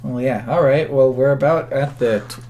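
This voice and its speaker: A man's voice: medium pitch, moderate pace, a little hiss or hum. Young man telling a school story. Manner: animated storyteller, acts out the people in his story. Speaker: podcast co-host. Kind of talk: casual chat, storytelling.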